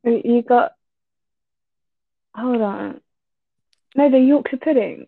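A woman's voice: fairly high pitch, slow, creaky, no echo. A woman from England, co-hosting a casual chat in a teasing, giggly way. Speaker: podcast co-host. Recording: tinny phone-like line.

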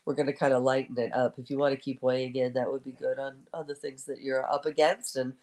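A woman's voice: very deep voice, little pitch movement, fast, darkish tone, rough recording. Chatty woman co-hosting a podcast. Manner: chatty, laughs easily, reflective. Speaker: podcast co-host. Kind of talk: casual podcast chat. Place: audio-only podcast recording.

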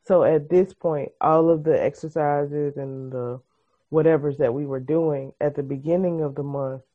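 A woman's voice: deep voice, moderate pace. Chatty woman co-hosting over a muffled call. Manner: laughing, expressive, storytelling. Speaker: podcast co-host. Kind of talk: casual chat. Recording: muffled video-call audio.

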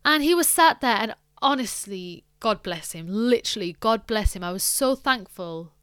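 A woman's voice: medium pitch, expressive, normal speed, a bit bright, smooth, no echo, clean studio sound. A young woman telling a personal story on her podcast, candid and rambling, with many fillers and restarts. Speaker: podcast host.

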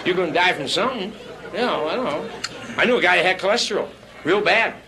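A man's voice: sits high, expressive, fast, poor audio. A man doing a crude stand-up routine in a nightclub, rambling brashly and bantering with the crowd. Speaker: stand-up comedian. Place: nightclub before a live audience. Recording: live club recording with audience. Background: audience laughter.

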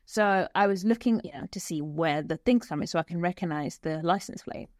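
Animated young woman, chatty. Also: lowish voice, brisk, no echo, clean studio sound. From England. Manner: animated storytelling, acts out voices. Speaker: podcast co-host. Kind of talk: casual chat.

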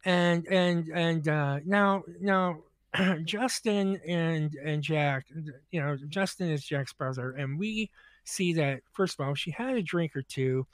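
A man's voice: a little high, takes it slowly, no room sound, clean studio sound. A man on a podcast, telling a rambling, profane story in casual chat, full of restarts.

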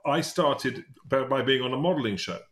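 A man's voice: medium pitch, expressive, moderate pace, a bit bright. A middle-aged man hosting a casual interview, rambling with many restarts and fillers. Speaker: podcast host.

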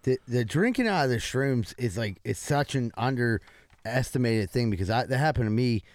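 A man in a casual chat, telling an animated story and swearing freely. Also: mid-range voice, a little fast, no echo.

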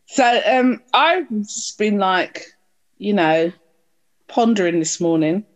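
A middle-aged woman co-hosting a casual family podcast, talking in an animated, laughing, defensive way. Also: mid-range voice, takes it slowly. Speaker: podcast co-host and mother.

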